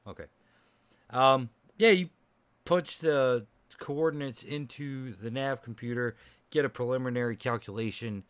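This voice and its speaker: A man's voice: mid-range voice, unhurried, clear, resonant tone, no room sound. A man narrating as game master of a tabletop game, loose and chatty, laughing often.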